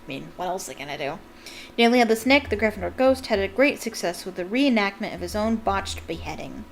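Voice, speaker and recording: A woman's voice: mid-range voice, animated, a little fast, a little hiss or hum. A young woman reading a book aloud as a fan, with chatty, jokey asides. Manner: chatty, jokey, laughs at the text. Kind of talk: casual read-aloud with commentary.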